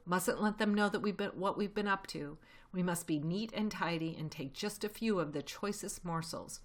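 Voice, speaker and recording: A woman's voice: lowish voice, moderate pace, close to an everyday voice. A woman reading a storybook voices a clever, gleeful fox father who gives grand orders. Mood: relishing.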